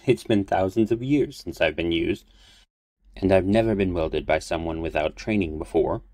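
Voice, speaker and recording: A man's voice: low-pitched, moderate pace, dark tone, dry recording, lightly acted. A man voicing an ancient, playful weapon spirit that snickers as it talks. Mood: giggly. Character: ancient magical weapon spirit, giggling and mischievous.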